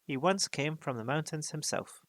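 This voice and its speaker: A man reading a novel aloud in an unhurried way, pausing for casual asides. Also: on the high side, expressive, fairly bright tone, no room sound. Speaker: reader.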